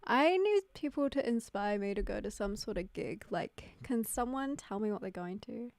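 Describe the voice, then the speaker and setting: A woman's voice: mid-range voice, animated, normal speed, a little mellow, no echo. A young woman hosting a casual livestream from home, chatty and giggly, full of "like" fillers, talking into a desk mic. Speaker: livestream host. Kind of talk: casual live-stream chat. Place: home room. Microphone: desk microphone, no headphones.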